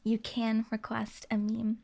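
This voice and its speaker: Soft-spoken, giggly woman ASMR streamer. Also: fairly high pitch, completely flat delivery, measured pace. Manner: giggly, reads chat aloud and thanks viewers; drifts into whispers.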